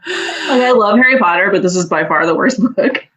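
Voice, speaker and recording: Wry woman podcaster, mid-pitched. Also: big pitch swings, normal speed, a bit bright, breathy edge, poor audio. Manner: wry, laughing, opinionated. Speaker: podcast co-host. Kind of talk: casual podcast chat.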